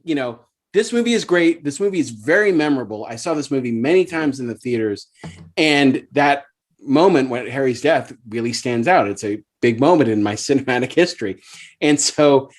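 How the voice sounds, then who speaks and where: A man's voice: medium pitch, expressive, normal speed. A man in his forties co-hosting a podcast, telling movie memories in casual chat with frequent stammering restarts. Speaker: podcast co-host.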